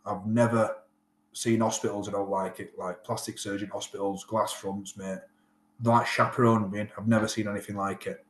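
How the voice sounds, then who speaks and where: A man's voice: fairly low pitch, moderate pace. A man in his thirties with a Yorkshire accent, a rugby player telling his story in a casual interview, acting out what people said. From England. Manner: animated, acts out quoted dialogue. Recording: roomy echo.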